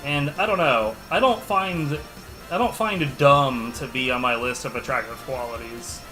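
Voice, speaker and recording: A man answers his viewers' questions in an offhand, sarcastic way while livestreaming a game, keeping the chat casual as game music plays behind him. He speaks at a moderate pace in a mid-range voice that sounds pushed and bright.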